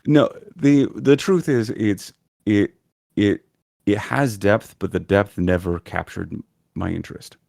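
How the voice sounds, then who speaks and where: A man's voice: on the low side, steady tone, a little slow, vocal fry, darkish tone, dry recording, studio quality. A man being interviewed on a podcast, talking thoughtfully and hesitantly with many ums. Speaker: podcast guest, lore video creator. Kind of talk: casual interview chat.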